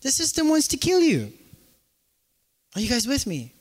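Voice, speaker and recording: An extremely high-pitched male voice delivers a sermon at a moderate pace. The pastor is animated and joking, acting out brief dialogues, recorded in an echoey hall.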